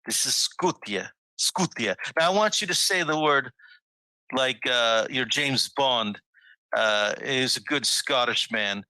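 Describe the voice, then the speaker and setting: A man's voice: medium pitch, slow, sharp tone, clear, resonant tone, dry recording, poor audio. A man giving a casual history lecture on a video call, musing aloud and rising on rhetorical questions. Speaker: presenter of a history talk. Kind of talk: casual lecture over a screen share.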